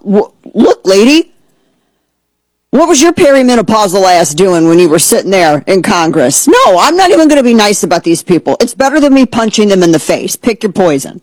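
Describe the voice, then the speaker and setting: A woman hosting political talk radio, heated and blunt, with a sarcastic edge. Her pitch sits in the middle range. The sound is dry and close to the mic. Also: very animated, brisk, darkish tone, no echo, poor audio. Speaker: radio host.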